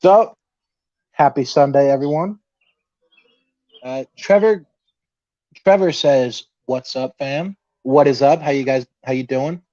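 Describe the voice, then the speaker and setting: A man's voice: medium pitch, takes it slowly, long pauses, dark tone, no room sound. A young man hosting a casual podcast livestream, nervous and laughing as he reads out viewer comments. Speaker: podcast host. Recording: dull, lo-fi dry sound.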